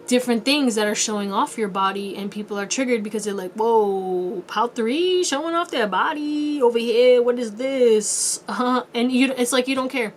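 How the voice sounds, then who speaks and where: A young woman reads tarot in a relaxed pick-a-card session, rambling and chatty and dropping playful asides. She has a medium-pitched voice, with slight hiss or hum in the audio.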